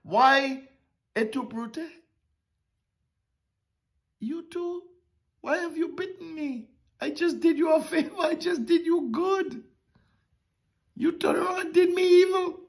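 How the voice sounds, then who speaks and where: A woman voicing a dying frog from a fable, hushed and pleading after being betrayed. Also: extremely high pitch, slow pace, pauses often, pitched above the performer's own voice, exaggerated voice.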